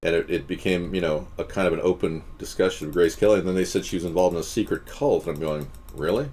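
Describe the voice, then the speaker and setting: A man hosting a political live stream, talking casually in a rambling, digressive way full of halting restarts. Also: sits low, fairly even intonation, darkish tone. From West Coast of the US.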